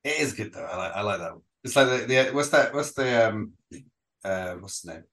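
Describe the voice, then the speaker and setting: A man's voice: lowish voice, lively intonation, a little fast, a bit bright. A man co-hosting a casual film podcast, rambling and restarting his sentences, often laughing along. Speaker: podcast co-host.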